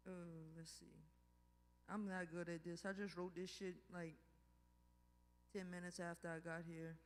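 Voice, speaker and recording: A man's voice: high-pitched, little pitch movement, normal speed, a little hiss or hum. A man doing a rambling, self-deprecating stand-up set who loses his place. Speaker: stand-up comedian. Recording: reverberant bar hall.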